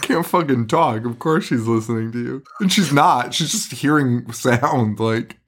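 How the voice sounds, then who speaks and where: A man's voice: medium pitch, unhurried. A man co-hosting a podcast, casually recapping a film with a lot of swearing, laughter and mocking voices for the characters. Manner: profane, animated retelling with mock voices. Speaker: podcast co-host.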